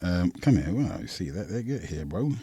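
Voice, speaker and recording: A man's voice: sits low, very animated, moderate pace, mellow, slightly rough, no echo. A man hosting a live community radio talk show, speaking with many fillers and stammered restarts. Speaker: radio host.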